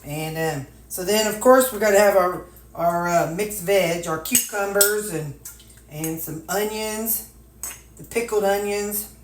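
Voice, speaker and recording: A woman's voice: mid-range voice, measured pace, slight background noise. Older woman, homespun chatty vlogger talking to herself as she packs meals, echoey kitchen with dishes clattering. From Missouri, USA. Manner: folksy, chatty, talks to herself, drawling asides. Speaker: weight-loss vlogger. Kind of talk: casual chat while packing meals. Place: home kitchen.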